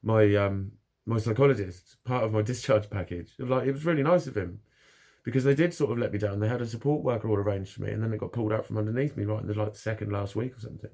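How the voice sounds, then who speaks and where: A man's voice: lowish voice, quick pace, creaky, a little mellow. A man talking frankly and bluntly in a casual monologue, swearing constantly as he opens up about his own experiences. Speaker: vlogger.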